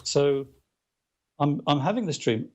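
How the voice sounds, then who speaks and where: A man's voice: fairly high pitch, measured pace, a little hiss or hum. Guy author telling a dream story, loose and chatty, lots of ums. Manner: animated anecdote-telling with many restarts and fillers. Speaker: author guest. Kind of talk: casual storytelling interview.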